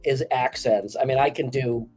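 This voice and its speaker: A man chatting casually on a podcast as a guest game master, animated and dotted with filler words. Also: mid-range voice, moderate pace, soft background music.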